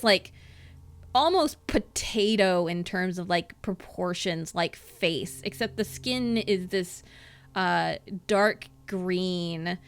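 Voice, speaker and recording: Woman GM narrating a tabletop game, bright and casual, easygoing delivery. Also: mid-range voice. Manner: casual, loose narration with many "like" fillers. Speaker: game master.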